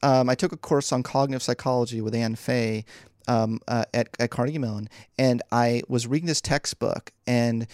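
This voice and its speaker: A man from the Philadelphia area telling stories as a podcast guest, laughing often and jumping up in pitch when he quotes people. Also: steady tone, moderate pace, a little mellow, no echo, clean studio sound. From Philadelphia area, United States. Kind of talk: animated storytelling in a podcast interview.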